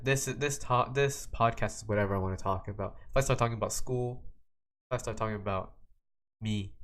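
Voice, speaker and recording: A man's voice: mid-range voice, fairly bright tone. A teenage young man hosting a solo podcast, rambling casually from topic to topic with lots of restarts and "like"s. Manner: rambling, jumps between topics, many restarts and "like"s. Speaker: podcast host.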